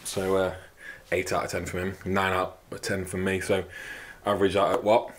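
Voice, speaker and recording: Crude joking man, lowish voice. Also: little pitch movement, moderate pace. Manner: crude, joking, heavy swearing. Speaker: fitness channel host. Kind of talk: casual banter and product review.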